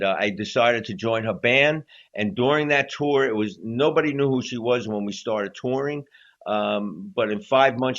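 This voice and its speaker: Animated storytelling man, muffled line. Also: lowish voice. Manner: animated storyteller acting out quotes. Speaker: guest drummer. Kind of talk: storytelling interview. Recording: slightly dull lo-fi audio.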